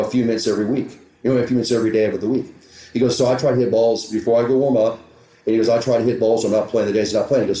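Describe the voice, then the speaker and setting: A man of medium pitch and warm tone, a golf teaching pro, recreates a conversation with fast back-and-forth lines while telling a story in a podcast interview. There's a roomy echo on the recording.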